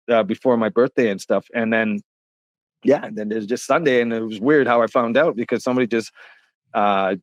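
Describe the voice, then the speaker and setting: A man's voice: medium pitch, dry recording. A middle-aged man telling stories in a casual interview, rambling with many fillers and restarts. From Canada. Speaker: interview guest, rapper.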